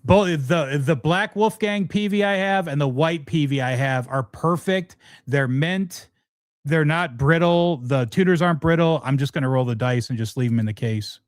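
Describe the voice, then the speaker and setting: A man's voice: fairly high pitch, moderate pace, no echo. A middle-aged man hosting a casual guitar livestream, talking frankly and rambling, with lots of restarts. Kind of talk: casual livestream chat answering viewers.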